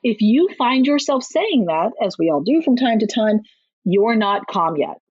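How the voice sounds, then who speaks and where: A chatty woman, a parenting author guesting on a podcast interview, speaks emphatically and very animatedly at an unhurried pace, sometimes shifting into a higher voice to act out quotes. Her voice is husky, breathy and a little mellow. The recording is dry, a bit dull and lo-fi.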